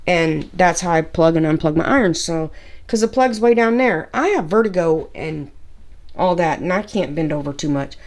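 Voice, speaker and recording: A woman's voice: fairly low pitch, expressive, moderate pace, darkish tone. A woman gives a casual, rambling tour of her home sewing room, chatting to viewers with fillers and restarts. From Tennessee, US. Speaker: sewing vlogger.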